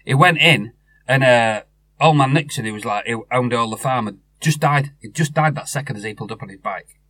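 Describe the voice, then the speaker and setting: A man's voice: mid-range voice, brisk, pushed and bright. A man co-hosting a podcast, chatting casually and jokily with many restarts. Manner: chatty, jokey, stumbling restarts. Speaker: podcast co-host. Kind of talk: casual chat.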